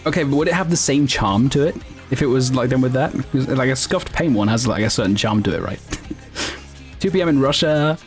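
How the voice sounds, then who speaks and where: A man's voice: mid-range voice, lively intonation, a little fast, soft background music. A man streaming casually, chatting with viewers in a rambling, self-correcting way and laughing often. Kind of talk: casual livestream chat, answering viewers.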